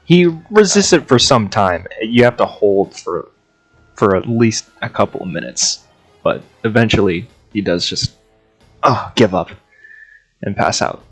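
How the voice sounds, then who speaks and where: A man narrating as game master of a tabletop game, relaxed and laughing often. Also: on the low side, measured pace, slightly rough, soft background music, rough recording.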